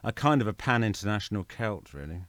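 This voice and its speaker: A man's voice: lowish voice, big pitch swings, fast talker, a bit bright, no echo. A middle-aged man from England, a guest in casual conversation, rambling and correcting himself as he tells stories. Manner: rambling, self-correcting storyteller.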